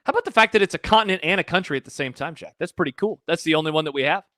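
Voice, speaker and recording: A man's voice: fairly high pitch, animated, a bit bright, dry recording, studio quality. A man co-hosting a casual sports podcast, playful and teasing. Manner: playful teasing, quick banter. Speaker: podcast co-host.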